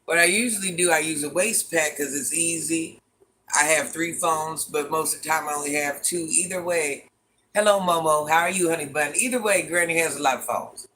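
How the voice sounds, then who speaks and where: A man's voice: a little high, normal speed, sharp tone, a little hiss or hum. A man hosting a casual livestream in a granny persona, chatty and dramatic, greeting viewers by name and repeating lines for effect. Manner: chatty, dramatic, calls viewers "child" and "honey bun".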